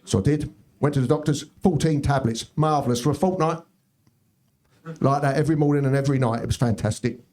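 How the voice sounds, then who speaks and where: A middle-aged man doing a stand-up set in a comedy club, telling stories deadpan with quick asides to the crowd. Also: mid-range voice, a little hiss or hum.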